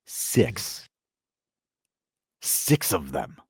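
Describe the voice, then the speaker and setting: A man hosting a casual sports podcast, animated and sarcastic, rambling with lots of "like". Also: low voice, extremely slow, creaky, breathy edge, dry recording, clean studio sound. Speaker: podcast host.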